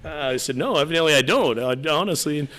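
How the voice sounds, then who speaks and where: A man's voice: a little high, animated, fast talker, fairly bright tone. A man casually telling a long personal story as a podcast guest, rambling and acting out the dialogue. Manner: rambling, full of restarts and quoted dialogue.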